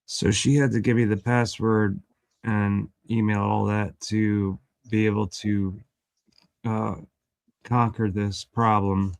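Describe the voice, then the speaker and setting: A middle-aged man chatting casually on a panel, rambling with halting restarts. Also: on the low side, level tone, gravelly, dry recording, studio quality. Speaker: podcast panelist. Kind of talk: casual chat.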